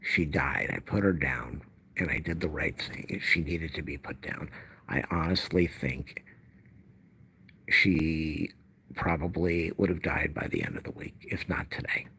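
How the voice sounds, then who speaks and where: A man's voice: rumbling low, lively intonation, a little slow, vocal fry, bright, forceful tone, slight background noise. A middle-aged man in an angry personal rant, heated and repeating himself as he recounts an argument.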